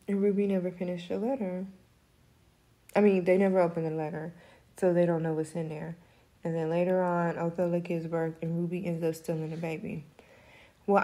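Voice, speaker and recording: A young woman with a fairly low, warm voice chats casually about a book she's just finished. She rambles through the plot with fillers and gives frank opinions, reviewing it informally.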